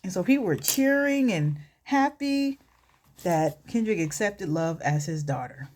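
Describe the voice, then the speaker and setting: A woman's voice: on the low side, expressive, measured pace, a little mellow. A woman casually telling a story during a makeup tutorial, chatty and full of fillers, with asides to herself as she works. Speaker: vlogger and storyteller.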